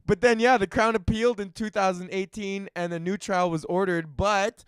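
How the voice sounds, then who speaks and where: A man's voice: high voice, steady tone, normal speed, clear, resonant tone, no room sound, clean studio sound. A man hosting a solo comedy podcast, crude and joking, often laughing as he rants. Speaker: podcast host.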